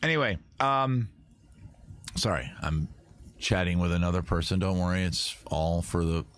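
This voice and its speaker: A man's voice: sits low, normal speed, fairly bright tone. A man from Maryland hosting a casual livestream, rambling and joking as he reads viewer comments aloud. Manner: rambling, jokey, talks to chat and guests. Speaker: livestream host.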